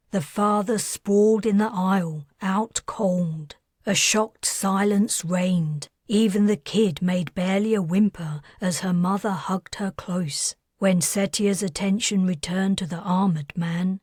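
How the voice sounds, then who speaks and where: A woman narrating her own science fiction audiobook in a soft, measured way, dropping to a near whisper at times. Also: mid-range voice, no room sound, studio quality.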